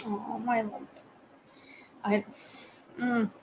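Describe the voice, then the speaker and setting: A woman's voice: on the high side, little pitch movement, drawn-out words, gravelly, noisy background. A woman hosting a live stream, chatting casually with viewers in a rambling way and laughing often. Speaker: livestream host.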